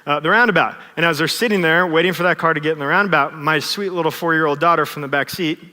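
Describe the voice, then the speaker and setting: Pastor, 30s, man: conversational and self-deprecating, slightly high and forceful tone, recorded in a reverberant sanctuary. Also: fast. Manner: conversational, self-deprecating, tags lines with "right?". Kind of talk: sermon storytelling. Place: church sanctuary. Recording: long church reverb.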